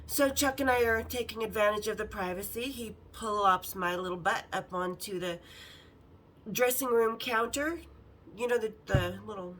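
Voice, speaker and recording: Bright-voiced woman telling bawdy stories. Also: on the high side, slight background noise, poor audio. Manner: candid, bawdy and frank; lively, acts out the others' lines in her story. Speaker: podcast host. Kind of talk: casual storytelling.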